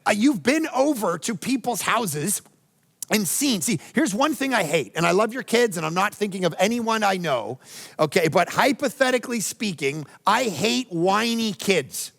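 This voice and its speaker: A pastor with a Canadian accent delivers a sermon in a raised, gravelly voice. He is animated and playful, slipping into whining impressions to make his point. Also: sits high, normal speed, big-room sound. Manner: animated, acts out whiny voices and jokes.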